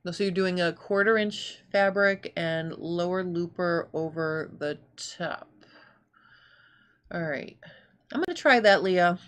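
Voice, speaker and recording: A woman's voice: on the low side, slow pace, fairly bright tone. A woman hosting a live sewing show, thinking aloud in casual chat and reading out viewer comments.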